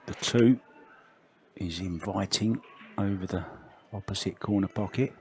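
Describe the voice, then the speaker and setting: A man doing relaxed, chatty play-by-play commentary on a billiards match. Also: lowish voice, measured pace, slight background noise.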